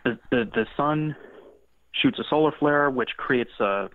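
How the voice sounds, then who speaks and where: A man's voice: medium pitch, measured pace, a little hiss or hum. A man as a paranormal investigator guest, talking casually and rambling, with many restarts and fillers. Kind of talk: casual interview talk. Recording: tinny phone-like line.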